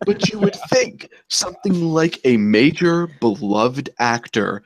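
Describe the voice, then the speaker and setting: A man hosting a casual podcast chat, telling anecdotes in an animated way, swearing casually and jumping up in pitch on punchlines. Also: unhurried, no room sound. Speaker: podcast host.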